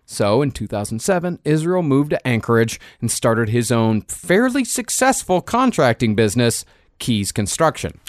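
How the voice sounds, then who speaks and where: A man's voice: mid-range voice, very animated, moderate pace, no room sound, clean studio sound. A man hosting a podcast, narrating a true crime case from his notes with wry asides.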